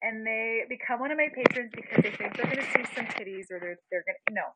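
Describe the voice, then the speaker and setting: A woman's voice: a little high, fast, heavy background noise. Chatty young woman on a live stream. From Canada. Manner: chatty, giggly, greets viewers by name. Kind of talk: casual live-stream chat. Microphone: phone being propped up.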